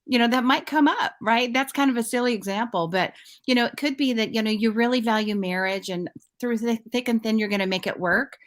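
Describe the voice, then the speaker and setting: A woman as a talk show guest, explaining in a relaxed conversational way with everyday examples. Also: on the high side. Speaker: guest financial expert. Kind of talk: casual talk show chat.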